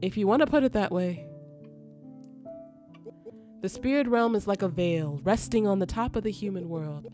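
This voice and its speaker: Kadın seslendiriyor ağırbaşlı erkek ruh rehberi. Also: female voice, medium pitch, warm tone, soft background music, lightly acted. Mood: solemn. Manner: slow, formal, measured. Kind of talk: reading game dialogue aloud.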